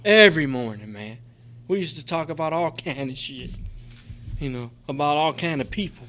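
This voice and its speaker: A middle-aged man with a fairly high pitch, sharp tone and lively intonation speaks at a moderate pace. He's a recovery convention speaker in a convention meeting room, and his emotional, profane testimony to the recovery group rambles, peppered with "man" and "you know."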